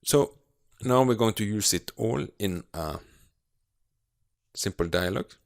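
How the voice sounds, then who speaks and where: Slow, gravelly-voiced man teaching grammar. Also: on the low side, dry recording, studio quality. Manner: slow, patient explaining with frequent hesitations. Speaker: language teacher. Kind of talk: video grammar lesson.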